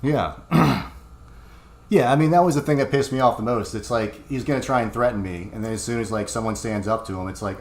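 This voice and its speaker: A man's voice: mid-range voice, a little fast, a little hiss or hum. A man livestreaming, talking casually in a heated, profane ramble full of fillers, into a desk microphone.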